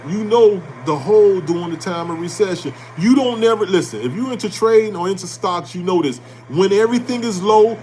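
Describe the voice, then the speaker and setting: A man hosting an animated motivational talk on finance, blunt and preachy, repeating his points and swearing casually. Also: sits high, slight background noise. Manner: preachy and emphatic, repeating lines for effect. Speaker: host.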